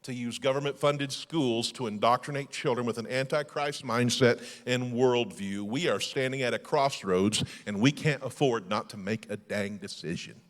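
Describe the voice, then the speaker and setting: A male lead pastor preaching a sermon emphatically, moving between loud declarations and hushed passages. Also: mid-range voice, normal speed, hardly any pauses, big-room sound. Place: church sanctuary.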